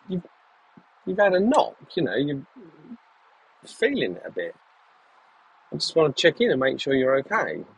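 A man's voice: medium pitch, creaky, husky, poor audio. A man vlogging in a casual, reflective way, with frequent ums and restarts as he thinks aloud. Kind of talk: casual talking-to-camera vlog.

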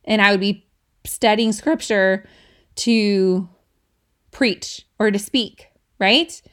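A woman in her thirties with a medium-pitched, fairly bright voice speaks at a slow pace on her casual devotional podcast. Chatty and quick to laugh between points, she teaches while asking listeners "right?"

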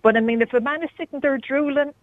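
A woman's voice: high voice, fast, no room sound. A woman calling in to a radio show, blunt and no-nonsense in what she says. Her voice comes through a narrow, tinny phone line and sounds dry, with nothing of a room around it. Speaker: caller. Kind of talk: phone-in call.

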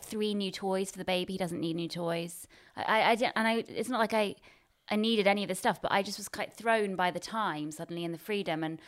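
Wry, rambling woman. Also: lowish voice. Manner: rambling, self-deprecating, wry. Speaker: co-host. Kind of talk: casual chat.

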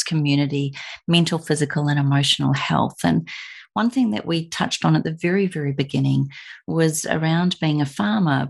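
A woman's voice: low voice, gravelly. A woman hosting a podcast, asking long, effusive questions. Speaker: podcast host. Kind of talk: interview questions.

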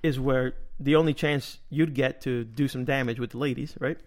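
A man hosting a podcast, telling a personal story in a casual, animated way and laughing often. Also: medium pitch, normal speed. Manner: animated, laughs often, acts out quoted dialogue. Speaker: podcast host.

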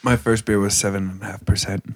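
A man's voice: on the low side, flat delivery, fast talker. A man in casual chat with friends on a podcast, teasing and laughing along.

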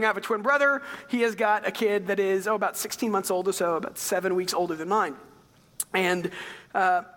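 A man in his thirties preaching a sermon, telling stories with big swings between quiet and loud passages. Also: high voice. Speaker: pastor. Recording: long hall reverb.

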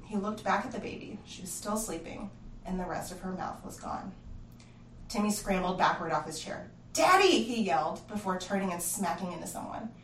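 A woman narrates a creepy horror tale in an expressive, hushed storytelling voice. She sounds roomy and set back from the mic, with faint ambience in the background. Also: lowish voice, fairly quick, far from the mic, slight background noise.

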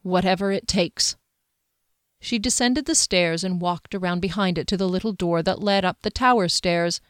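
A woman reads a fantasy novel aloud in a steady, even storytelling manner. Her voice is smooth and resonant, caught close on a studio mic. The sound is dry, with no room around it. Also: fairly low pitch, normal speed, dry recording. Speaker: audiobook narrator. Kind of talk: scripted fantasy narration.

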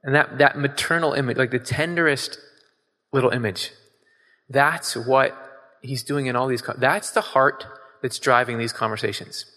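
A man's voice: mid-range voice, fairly even intonation, moderate pace, bright, forceful tone. A man giving a casual sermon, reading scripture and talking it over in a conversational, emphatic way, asking his listeners questions. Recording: long hall reverb.

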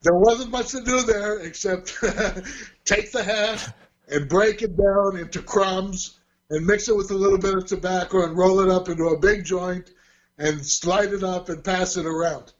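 A man's voice: sits high, fairly even intonation, unhurried, highs cut off. A man in his sixties, an interview guest, telling long rambling stories with frequent chuckles and self-corrections. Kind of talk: casual storytelling.

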